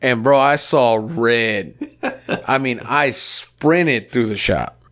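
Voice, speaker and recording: A man in his thirties co-hosts a podcast, telling crude, rowdy garage stories in casual chat, swearing and acting out the quotes. His mid-range voice is a bit bright, and he speaks slowly.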